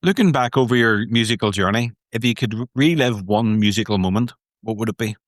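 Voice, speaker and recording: A man's voice: lowish voice, fairly quick, no echo, clean studio sound. A man hosting a music podcast, asking short, direct interview questions. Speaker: podcast host.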